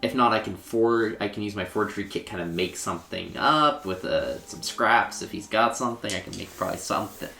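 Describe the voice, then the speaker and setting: A player in a tabletop game, thinking aloud in a halting way while planning moves. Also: deep voice, animated, creaky, bright, forceful tone. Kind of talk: tabletop role-play. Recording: roomy echo.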